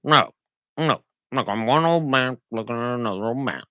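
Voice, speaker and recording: A man's voice: mid-range voice, animated, quick pace, a bit bright, no echo. A man co-hosting a podcast, trading crude jokes with a lot of laughter and swearing. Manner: profane, laughs often, jokey impressions. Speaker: podcast co-host. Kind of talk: crude comedic banter.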